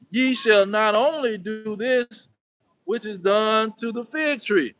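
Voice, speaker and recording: A man preaching fiery scripture teaching, reading verses slowly and firing off repeated emphatic commands. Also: high voice, bright, forceful tone, rough recording.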